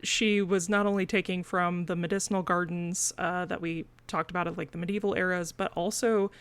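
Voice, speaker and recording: A woman's voice: on the low side, fairly even intonation, fairly quick, clean tone, dry recording. A woman with a Missouri accent co-hosting a podcast in casual chat, full of fillers and laughing between points. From Missouri, USA. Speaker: podcast co-host.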